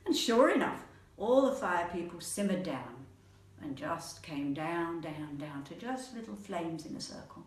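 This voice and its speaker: A woman storyteller telling a folk tale aloud in a playful, animated manner, repeating words for rhythm. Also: on the low side, measured pace, hardly any pauses. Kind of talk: oral storytelling. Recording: echoey room, mic at a distance.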